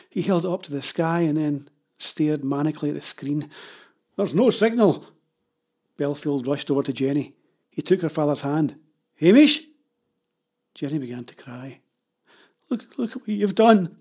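A man reading a children's story aloud in a steady, dramatic way. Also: medium pitch, breathy edge. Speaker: narrator.

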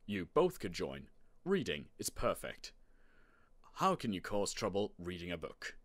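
A man's voice: deep voice, wildly swooping pitch, measured pace, dry recording, exaggerated voice. A man doing a stern, worn-out dad. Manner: stern, gritted-teeth. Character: exasperated father of five boys. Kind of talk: audiobook character voice.

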